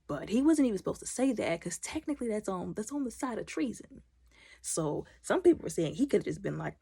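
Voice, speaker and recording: A woman recapping a TV episode in casual, animated commentary, opinionated and talking back to the characters. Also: medium pitch, fast talker, vocal fry, breathy edge, no echo, clean studio sound. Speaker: video recap host.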